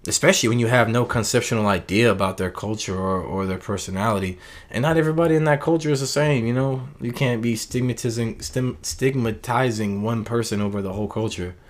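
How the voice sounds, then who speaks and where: A man's voice: medium pitch, brisk. A man talking through a casual late-night monologue in a rambling, earnest way, often restarting his sentences. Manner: rambling, earnest, self-correcting.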